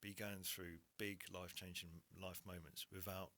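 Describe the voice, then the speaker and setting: A man in his forties, a podcast guest, tells a personal story candidly and haltingly, stammering and restarting often. His deep voice stays fairly flat in pitch and sounds bright and forceful.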